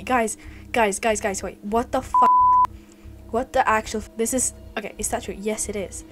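A young woman playing a horror game alone in a dark basement, jumpy and scared, often swearing and screaming. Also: mid-range voice, steady tone, moderate pace, music in the background. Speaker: gaming video creator.

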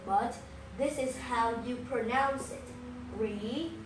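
Teaching young children in a slow classroom explanation, a woman speaks very slowly, repeating each new key word over and over and asking them questions. Her expressive voice is slightly high. The room echoes, and a faint ambient hum runs behind her.

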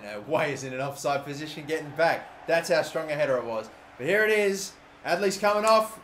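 An Australian man commentating his own football video game career, calm musing that bursts into loud shouting at big moments. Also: on the high side. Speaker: gaming YouTuber. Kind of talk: excited gameplay commentary. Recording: echoey room with faint noise.

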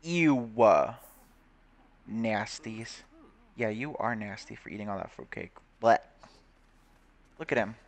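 A man's voice: on the low side, slow pace, gravelly, pauses often. A young man chatting casually and bluntly while he plays a life-sim game, with frequent swearing. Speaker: gaming channel host. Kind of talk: casual gameplay commentary.

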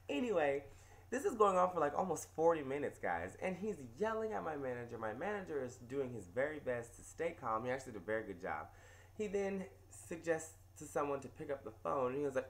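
A man hosting a comedic storytelling vlog from a couch indoors, telling the story in an animated, amused way. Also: on the high side, fairly quick. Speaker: host.

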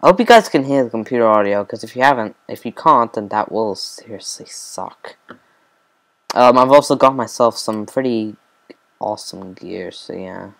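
A man's voice: on the low side, animated, normal speed, vocal fry, a bit bright. A man giving casual, rambling commentary over his own gameplay, with mumbled asides and lots of fillers. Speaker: let's play host.

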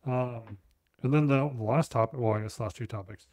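A young man co-hosting a podcast, talking in a loose, rambling way and cursing without a second thought. His voice sits at an ordinary pitch and is recorded close and dry, with no room sound around it. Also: a little fast, darkish tone, dry recording. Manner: blunt, rambling, swears casually. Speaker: podcast co-host. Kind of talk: casual chat.

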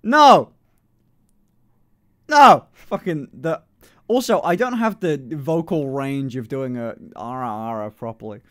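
A man's voice: medium pitch, normal speed, darkish tone, no echo, studio quality. A young man streaming live in casual chat, swearing freely, laughing often and testing out voices. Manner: swears freely, laughs a lot, playful voice experiments.

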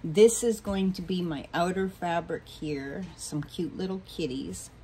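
A friendly, rambling woman walks through a home sewing project, losing her thread and correcting herself as she goes. Her voice sits a little low. A faint hiss of room noise runs under the camera mic. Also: measured pace, mellow, rough recording. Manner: chatty and rambling, many ums and self-corrections. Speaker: sewing tutorial host. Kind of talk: casual home sewing tutorial.

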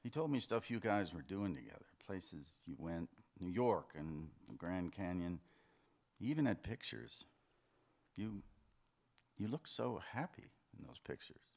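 A man's voice: low voice, lively intonation, a little slow, creaky, darkish tone, full character voice. A man reading the lines of an insecure, anxious man in a secret affair, hesitant and pleading, stammering as he talks, in a live fiction reading. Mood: hurt. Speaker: reader of a story's dialogue.

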